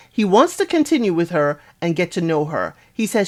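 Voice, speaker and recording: A woman's voice: mid-range voice, lively intonation, normal speed, hardly any pauses. A woman recapping a reality dating show in a casual, sassy way, with asides to her viewers. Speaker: recap host.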